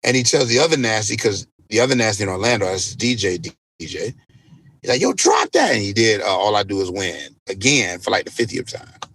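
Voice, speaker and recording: Guest DJ, male, lowish gravelly voice, dry close sound, loose animated storyteller with swearing. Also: fairly quick, no room sound. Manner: animated, profanity-laced storytelling. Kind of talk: casual storytelling interview.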